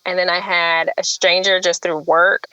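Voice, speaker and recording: A woman's voice: lowish voice, moderate pace, dry recording, muffled recording. A woman guest on a podcast, telling her own story in a candid, chatty way and laughing often. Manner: earnest, chatty, laughs often, animated when quoting others.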